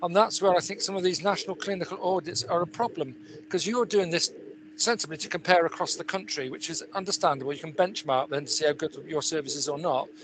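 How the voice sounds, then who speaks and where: A man's voice: a little high, steady tone, fast, background noise. A man on a conference panel who rambles and fires off pointed questions. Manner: probing, full of questions, rambling. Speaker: patient representative panelist.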